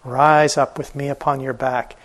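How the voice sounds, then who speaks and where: A man voicing a gentle, devoted young elephant keeper who speaks softly and earnestly, with a husky voice. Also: mid-range voice, flat delivery, moderate pace, lightly acted. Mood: tender. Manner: soft, tender and earnest.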